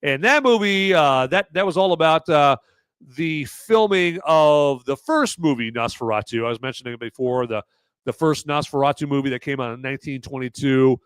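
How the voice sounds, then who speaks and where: A man hosting a podcast, giving a casual, rambling movie review with animated asides. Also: a little high, normal speed, smooth, no echo, clean studio sound. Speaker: podcast host.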